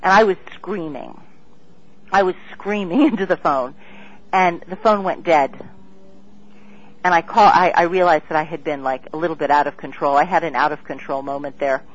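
A woman guest in an interview, talking in an excitable, rambling way with many restarts. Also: low voice, brisk, husky. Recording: dull lo-fi radio sound.

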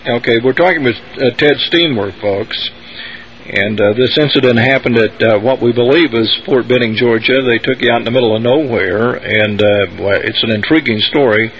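Halting male radio host. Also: medium pitch, husky. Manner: halting, with many fillers and restarts. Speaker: radio talk show host. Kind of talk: radio interview. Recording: muffled radio broadcast with faint hiss.

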